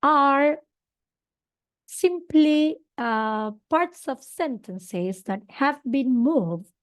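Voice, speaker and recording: A woman teaching an online English grammar lesson, explaining patiently with fillers and check-ins, a Spanish speaker teaching in English. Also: on the high side.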